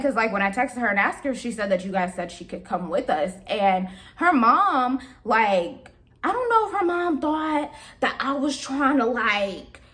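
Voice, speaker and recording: A young woman vlogger with a high voice tells a story in easy, casual chat. Her pitch swings widely as she gets exasperated and laughs her way through the retelling. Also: sing-song, normal speed, fairly bright tone.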